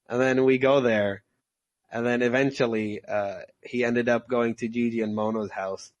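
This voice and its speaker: A man's voice: mid-range voice, fairly even intonation, moderate pace, dull audio. Young male podcast co-host, rambly and jokey storyteller, mid-range voice. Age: young adult. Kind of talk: casual chat.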